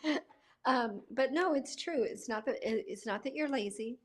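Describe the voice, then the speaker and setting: A woman co-hosting a podcast, telling animated stories and laughing easily in casual chat. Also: on the high side, moderate pace. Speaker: podcast co-host.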